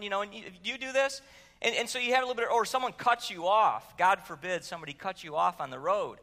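A pastor preaches a sermon in a church sanctuary, his high, bright voice carrying a forceful tone. He keeps it conversational, asking the room questions and telling stories, and the recording has a long hall reverb.

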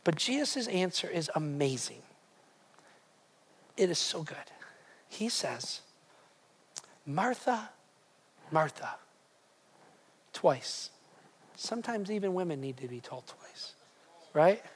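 A man's voice: fairly high pitch, big pitch swings, slow, long pauses, breathy edge. A man preaching a sermon as pastor, emphatic, often repeating words and asking the congregation direct questions.

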